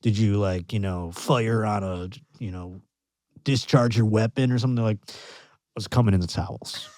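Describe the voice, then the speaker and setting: A man hosting a comedy podcast, joking loudly and laughing often as he reacts to clips. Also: lowish voice, normal speed, dry recording, studio quality. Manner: loud, joking, laughs a lot. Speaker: podcast host.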